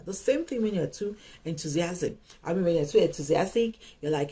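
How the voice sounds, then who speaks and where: A woman giving casual advice on love, animated and emphatic, often repeating herself. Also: on the low side, a little fast, hardly any pauses, breathy edge, rough recording. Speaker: host.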